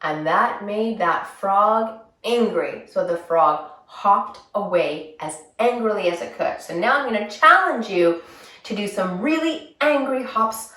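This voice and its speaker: A woman's voice: mid-range voice, expressive, measured pace. Playful woman telling a kids yoga story. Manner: playful, gently instructive storytelling. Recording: echoey room, voice from a distance.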